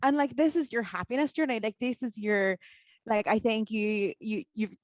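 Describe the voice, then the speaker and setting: A woman's voice: on the high side, moderate pace, dry recording. A woman, hosting a podcast and encouraging her guest in casual chat. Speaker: podcast host.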